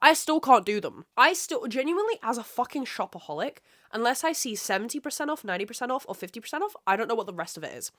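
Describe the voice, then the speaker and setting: A woman's voice: on the high side, big pitch swings, fast, hardly any pauses, a bit bright. A woman hosting her own podcast, ranting with heavy swearing and rambling off track in a solo monologue. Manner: rambling, loses her train of thought. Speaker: podcast host.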